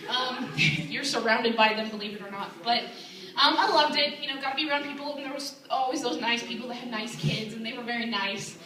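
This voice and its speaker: A young woman performing a stand-up comedy set, telling a deadpan story and acting out the people in it with a raised voice. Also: fairly high pitch. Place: comedy club stage. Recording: roomy, distant mic with crowd laughter. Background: audience laughing.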